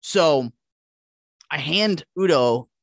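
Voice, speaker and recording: A man telling animated, profanity-laced stories as a podcast guest in casual chat. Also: fairly high pitch, drawn-out words, dry recording, clean studio sound. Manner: profane, animated, acts out quotes.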